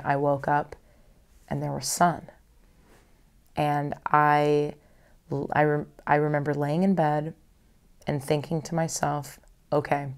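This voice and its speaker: A woman's voice: low-pitched, gravelly, a little mellow. A young woman hosting a podcast, talking candidly and at length about her own feelings, often repeating her phrases. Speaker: podcast host. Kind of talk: personal reflective monologue.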